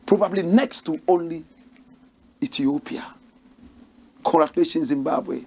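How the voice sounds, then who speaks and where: Man from Ghana, talk-show host; emphatic political commentary, high husky voice, repeats lines for effect. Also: expressive, moderate pace, long pauses, darkish tone. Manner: emphatic, exclamatory, repeats key phrases with rising pitch. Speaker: host of a current affairs show. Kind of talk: animated political commentary, reading aloud news quotes.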